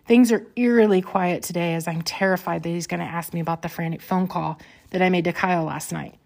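A woman's voice: fairly low pitch, steady tone, gravelly, darkish tone. Earnest woman reading her memoir. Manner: earnest, unhurried, emotional retelling. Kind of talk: first-person memoir reading.

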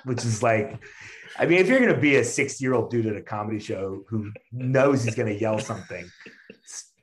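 A man spins a story in relaxed conversation, loose and chatty, with plenty of fillers and restarts. He laughs along as he goes and acts out the voices of the people in it. His voice sits at an ordinary middle pitch. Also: moderate pace, slight background noise. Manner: animated storyteller, acts out quotes, laughs often. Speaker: stand-up comedian guest. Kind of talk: casual storytelling chat.

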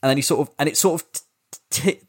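A man's voice: on the high side, quick pace. A man co-hosting a football podcast, ranting in casual, sweary chat. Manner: animated, swearing, ranting, restarts. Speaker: podcast co-host.

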